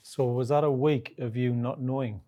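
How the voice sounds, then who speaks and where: A man interviewing, asking brief, gentle follow-up questions. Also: medium pitch, steady tone, moderate pace, highs cut off.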